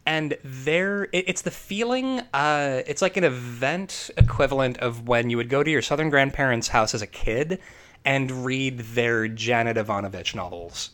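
A man in his thirties co-hosting a podcast, casual and animated, tossing off jokes and swearing freely. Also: medium pitch. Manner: animated, swearing, quick asides. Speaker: podcast co-host. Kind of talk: casual chat.

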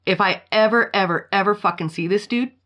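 A woman chatting on a podcast in a loose, unscripted storytelling style. She talks bluntly and swears freely as she retells events with plenty of animation. Her pitch sits in an ordinary middle range. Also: brisk, a bit bright. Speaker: podcast host. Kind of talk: casual storytelling chat.

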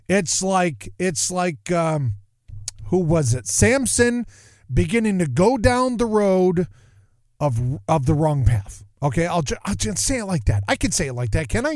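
Animated rambling male podcast host. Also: high voice, a little slow, no room sound, clean studio sound. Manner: rambling, animated, self-interrupting. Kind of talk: casual monologue.

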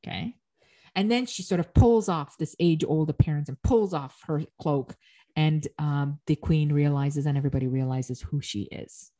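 A woman lectures on an ancient myth, reading passages and explaining them as she goes. Her voice sits a little low with a warm, mellow tone, and she often stops to correct herself mid-phrase. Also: moderate pace.

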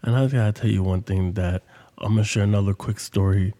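A man's voice: lowish voice, fairly even intonation, a little fast, dark tone, in a large hall. A man hosting a podcast, telling a story in casual monologue with loose, profane street talk. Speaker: podcast host.

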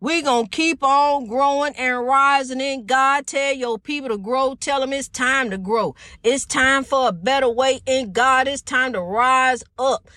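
A woman with a high voice preaches to her podcast listeners, repeating herself and calling everyone honey. The sound is dry and close, with no room around it. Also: measured pace, few pauses, pushed and bright, no echo. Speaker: podcast host. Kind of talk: preachy monologue.

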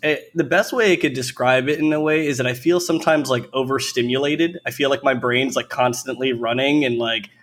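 A man's voice: mid-range voice, fairly even intonation, brisk, hardly any pauses, fairly bright tone. Man rambling through a casual chat. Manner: loose, filler-heavy storytelling with frequent "like"; candid and profane when exasperated.

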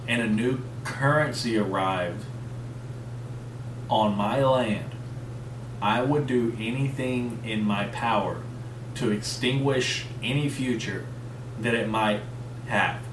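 A man's voice: lowish voice, slow pace, pauses often, recorded from a distance. Rambling, profane man with a lisp. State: coughing. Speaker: podcast host. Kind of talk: casual solo podcast rant. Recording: roomy, off-mic, faint background noise.

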